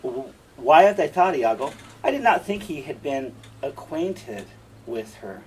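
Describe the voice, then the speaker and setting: Othello, a torn general, as a teacher reads him. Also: male voice, on the high side, big pitch swings, measured pace, darkish tone, slightly rough, heavily acted. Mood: agitated. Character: Othello, a male general torn by love and doubt. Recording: distant mic, faint room noise.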